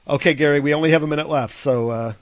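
A man's voice: on the high side, fast talker, dry recording. A man hosting a call-in radio show, casual and teasing. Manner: jokey, teasing.

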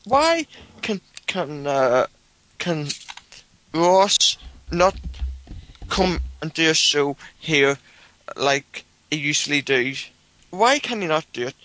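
A man's voice: fairly high pitch, very animated, slow, long pauses, bright, forceful tone, heavily acted, poor audio. A man voicing a riled, stammering caller who keeps demanding answers. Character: pushy male caller, riled and high-voiced.

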